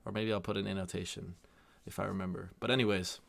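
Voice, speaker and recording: American guy rambling about a video, deep-ish voice, lots of vocal fry. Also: fast talker. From United States. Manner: relaxed, rambling with fillers. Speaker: reaction video host. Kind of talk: casual commentary.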